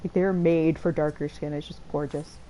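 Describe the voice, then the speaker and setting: A woman's voice: low voice, steady tone, normal speed, mellow, low-quality recording. A woman giving casual let's-play commentary, chatty, swearing casually and laughing often. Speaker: game streamer. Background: faint game music.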